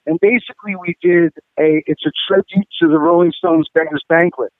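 A man's voice: a little high, steady tone, fairly quick, dry recording. A man, a rock musician as guest, telling rambling, profane stories full of fillers in a casual interview. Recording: tinny phone-line audio.

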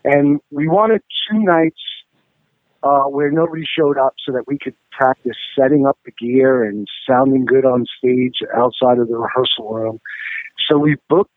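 A man's voice: medium pitch, measured pace, no echo. A man, a rock musician as guest, telling rambling, profane stories full of fillers in a casual interview. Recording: tinny phone-line audio.

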